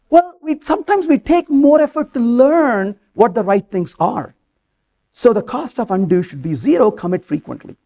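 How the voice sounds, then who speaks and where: A man speaks from a conference stage, his voice pitched high and swinging widely as he tells stories. He drops into different voices to act out conversations, keeping the audience with him. He sounds close on a clip-on or headset mic. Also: normal speed. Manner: animated storytelling, acts out quoted dialogue. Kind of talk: live technical talk.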